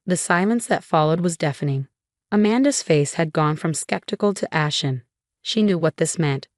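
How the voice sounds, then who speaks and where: A woman narrating a first-person story in a steady, even way. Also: lowish voice, no echo, studio quality.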